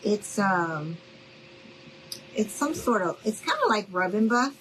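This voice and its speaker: Female craft-tutorial host, unhurried and chatty, keeps checking in with viewers, faint hum behind. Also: mid-range voice, very animated. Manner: chatty, addresses viewers as y'all, checks in with okay?. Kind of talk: live crafting demonstration.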